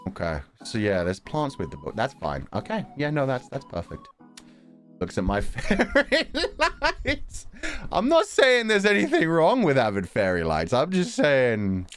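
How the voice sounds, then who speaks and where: A young man casually commenting on a game as he plays, rambling and quick to laugh. His voice sits low yet swings with lively pitch, with faint music running behind. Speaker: streamer.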